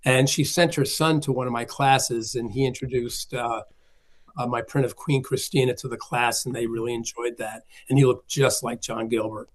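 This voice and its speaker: A man's voice: mid-range voice, fairly even intonation, moderate pace. A man, a film collector being interviewed, telling stories and acting out the voices of the people he quotes. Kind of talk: conversational storytelling.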